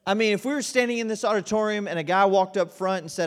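A man's voice: sits high, steady tone, fast talker, few pauses. A man preaching a sermon in an auditorium, in a conversational style with frequent "right?" asides. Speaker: pastor.

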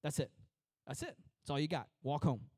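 A man preaching a conversational sermon as a pastor, acting out prayers and replies in lively voices. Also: a little high, normal speed, husky, dry recording.

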